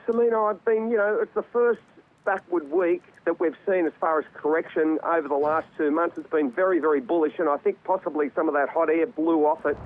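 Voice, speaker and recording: A man giving live market commentary as a guest over a remote link, conversational with many fillers and repeated words. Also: a little high. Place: remote link from another city. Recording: tinny phone-like remote line.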